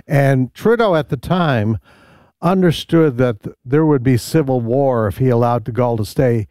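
A man on a discussion panel, recounting events in a measured, storytelling way. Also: mid-range voice, darkish tone, clear, resonant tone, dry recording, studio quality. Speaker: panel guest.

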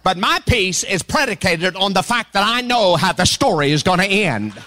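A male pastor preaching a sermon to a church congregation, calling for amens and building to fervent shouts. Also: high-pitched, big pitch swings, normal speed.

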